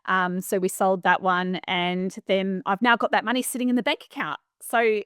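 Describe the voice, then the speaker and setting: A woman's voice: medium pitch, moderate pace, clean tone, dry recording. Aussie lady, middle-aged, yarning away on a podcast, lots of ums, dry close mic. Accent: Australian. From Western Australia. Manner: chatty and animated, many fillers and restarts. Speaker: property manager, podcast guest. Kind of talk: casual interview storytelling.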